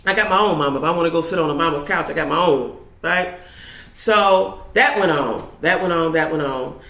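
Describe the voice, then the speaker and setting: A woman's voice: lowish voice, fairly bright tone. A woman vlogger telling a dating story in a blunt, profane way, often tagging her lines with "right?". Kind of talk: storytime vlog. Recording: roomy echo.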